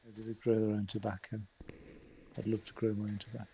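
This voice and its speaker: A man's voice: lowish voice, completely flat delivery, fast, creaky, warm tone, slight background noise, rough recording. A man streaming a game, musing wryly to himself in casual commentary. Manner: wry, musing, talks to himself while exploring. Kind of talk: casual let's-play commentary.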